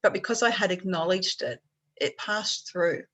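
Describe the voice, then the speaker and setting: A woman's voice: fairly low pitch, lively intonation, normal speed, a bit bright, rough recording. Chatty woman coaching on a call. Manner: casual, encouraging, chatty. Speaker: health coach leading an online workshop. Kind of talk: workshop talk on a video call. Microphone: video call.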